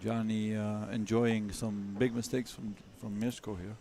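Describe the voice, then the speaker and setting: A man giving relaxed, chatty live commentary on a pool match, chuckling often. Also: on the low side, unhurried, slight background noise.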